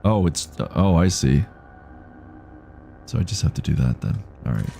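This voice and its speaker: A man's voice: low voice, expressive, moderate pace, creaky, dark tone, slight background noise. A man with a Canadian accent streaming a game, chatting and thinking aloud as he reads on-screen prompts. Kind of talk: live gameplay commentary.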